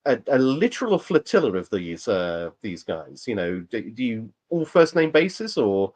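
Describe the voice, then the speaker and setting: Animated man hosting, rambling questions. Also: mid-range voice, normal speed. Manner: lively, rambling questions with restarts. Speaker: podcast host. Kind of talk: casual conversational interview.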